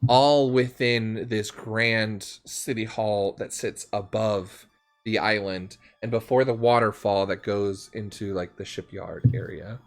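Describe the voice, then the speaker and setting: A man's voice: on the low side, fairly even intonation, slow. A young man narrating as game master in a casual way, with many fillers.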